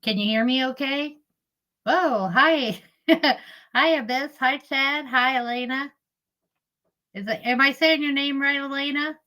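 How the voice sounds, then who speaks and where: A middle-aged woman talks on a casual live stream, her voice sitting a little high. She rambles through family anecdotes, laughing often and breaking off to greet viewers by name. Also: measured pace, pauses often, sharp tone, poor audio.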